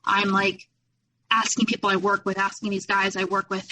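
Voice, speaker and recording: A woman's voice: medium pitch, little pitch movement, normal speed, pushed and bright, low-quality recording. A young adult woman speaking candidly as a podcast guest, retelling past events with lots of quoted dialogue. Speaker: guest, abuse survivor. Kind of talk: personal storytelling in a podcast interview.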